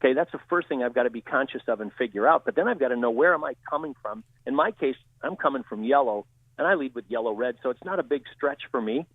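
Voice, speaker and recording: A man who trains people in communication, answering interview questions in a steady, explanatory way. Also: mid-range voice, fast talker, no echo. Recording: tinny phone-line audio.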